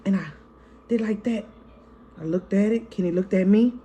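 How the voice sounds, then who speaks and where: A woman's voice: mid-range voice, moderate pace, dark tone, breathy edge, muffled recording. Chatty, blunt woman telling a storytime. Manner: chatty, frank and profane, keeps calling to viewers as "y'all" and "girl"; re-enacts scenes vividly in the retelling. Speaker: family vlogger, mother. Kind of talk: casual storytime vlog.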